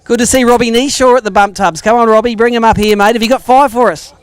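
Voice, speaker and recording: A man's voice: extremely high pitch, steady tone, fast talker, smooth, no room sound. An Australian man hosting a live fishing weigh-in outdoors, joking and bantering with the anglers as he reads out the weights. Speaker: tournament weigh-in host. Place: outdoor lakeside weigh-in stage.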